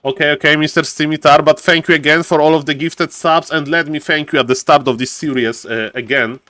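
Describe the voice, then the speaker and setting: A man's voice: fairly high pitch, steady tone, normal speed, pauses often, sharp tone, no echo. A man casting a live strategy game on stream, a showy announcer who keeps repeating his catchphrases and greets chat by name. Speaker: esports caster and streamer.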